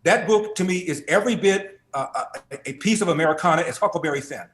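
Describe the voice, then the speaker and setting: A man being interviewed as a guest author, telling a family story in an animated, emphatic way that builds through repetition. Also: on the high side, quick pace, roomy sound.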